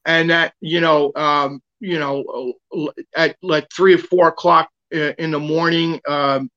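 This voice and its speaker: A man's voice: a little high, fairly even intonation, unhurried, pushed and bright, muffled recording. A man guest telling a long personal story in casual talk, rambling with lots of fillers and restarts.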